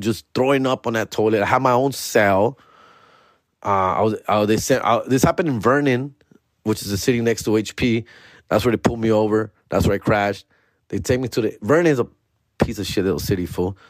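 A man's voice: medium pitch, no room sound, clean studio sound. A young man, a podcast host telling a story in casual, profane slang mixed with Spanish.

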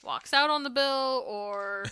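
A young woman co-hosts a podcast, ranting in casual conversation with sarcasm and plenty of swearing. Her voice is high-pitched, slow, clear and resonant, recorded dry.

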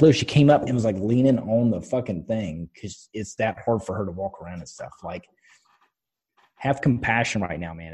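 A podcast co-host with a low, husky voice, talking in a loose, casual way. He is blunt and passionate, tells his stories with plenty of swearing, and keeps pressing his point home. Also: darkish tone. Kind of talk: casual chat.

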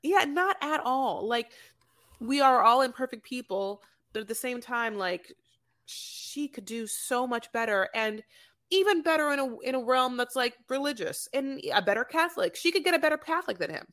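A woman's voice: high voice, moderate pace. A woman co-hosting a podcast, chatting casually about a reality show and acting out lines from it. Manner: chatty, animated, acts out quotes from the show. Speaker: podcast co-host.

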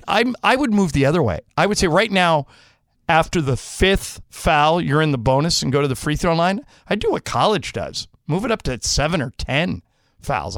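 A man's voice: a little high, fairly bright tone, dry recording. Emphatic sports radio man, dry studio. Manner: emphatic, argumentative. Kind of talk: opinionated sports radio talk.

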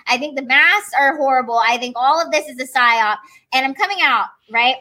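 A woman's voice: high voice, a little fast. A woman comedian, a guest on an interview show, telling her stories casually and acting out what people said. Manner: animated, acts out quoted voices.

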